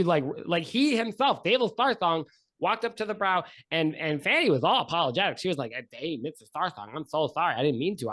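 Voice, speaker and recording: A man's voice: a little high, fairly bright tone, dry recording. A man voicing a nervous, gossipy male boat pilot and cook who rambles with lots of hesitations. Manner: rambling, chatty, full of hesitations.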